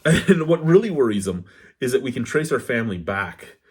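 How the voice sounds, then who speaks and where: Husky-voiced man rambling. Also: medium pitch, sing-song, moderate pace. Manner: rambling, digressive, candid; talks with his hands. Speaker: beer reviewer. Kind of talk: casual review vlog.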